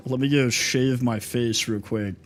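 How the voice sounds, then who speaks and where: A man's voice: medium pitch, fairly even intonation, a little slow, soft background music. Chatty young streamer guy, rambling. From Texas. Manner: rambling and chatty, answers chat messages aloud, says "dude" and "brother". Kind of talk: casual livestream chat while gaming.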